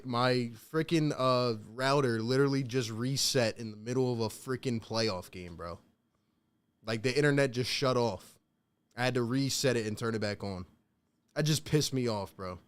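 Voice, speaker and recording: Young male streamer, resonant clear voice, mid pitch, slangy live play-by-play host. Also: normal speed. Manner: slangy, talks straight to the chat. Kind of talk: casual live play-by-play and reaction.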